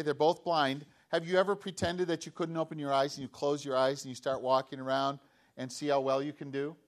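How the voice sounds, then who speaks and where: A man with a slightly high voice tells a story as a sermon for children, animated and acting out the voices of the characters.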